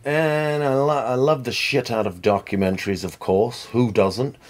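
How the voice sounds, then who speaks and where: A middle-aged man chatting as a podcast guest, rambling and tangential with animated storytelling. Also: medium pitch, moderate pace. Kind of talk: casual chat.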